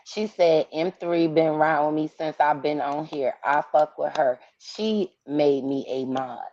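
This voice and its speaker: Brief: woman caller, low dark voice, defensive, muffled lo-fi line. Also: unhurried, no echo. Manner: defensive, profane, dismissive. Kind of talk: casual live-stream call-in.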